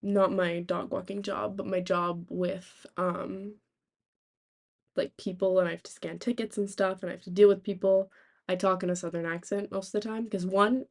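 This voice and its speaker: Rambling young woman streamer. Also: lowish voice. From United States. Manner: rambling, animated storytelling with swearing. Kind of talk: casual chat.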